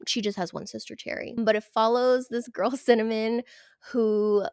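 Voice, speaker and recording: A young woman book vlogger chatting casually and gushing about her reads, her voice a little rough from being sick. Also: on the high side, fairly even intonation, normal speed, darkish tone, no room sound, studio quality. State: sick, hoarse voice. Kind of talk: casual chat.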